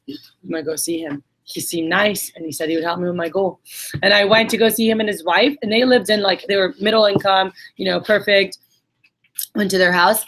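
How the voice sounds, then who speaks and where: A woman's voice: medium pitch, a bit bright. A woman giving a casual, swearing motivational talk to her sales team, acting out the voices in her stories. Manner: casual storytelling, acts out quotes, swears.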